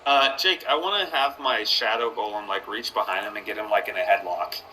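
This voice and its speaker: A man's voice: on the low side, brisk, bright, forceful tone, far from the mic, slight background noise, low-quality recording. A man as a player in a tabletop game, talking plainly through his moves. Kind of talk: casual tabletop play.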